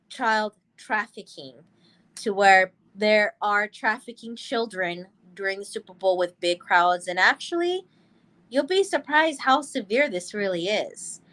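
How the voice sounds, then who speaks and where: A woman's voice: a little high, fairly bright tone. Earnest, rambling woman co-host. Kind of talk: casual chat.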